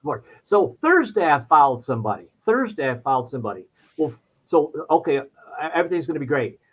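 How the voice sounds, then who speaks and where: Animated man telling a story, lo-fi sound. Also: a little fast, husky. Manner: animated storyteller, voice jumps high when acting out his past self. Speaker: podcast guest. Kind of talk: storytelling in casual chat.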